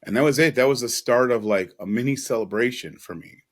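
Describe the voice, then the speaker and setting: A man's voice: mid-range voice, fairly quick. A man telling an earnest, emotional personal story as a podcast guest, with casual asides.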